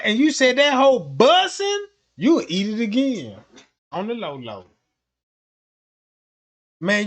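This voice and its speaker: A man's voice: high voice, fairly bright tone. A man hosting a stream, telling comedic stories in a rambling, profane, slang-heavy way. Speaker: livestream host. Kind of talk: comedic storytelling rant.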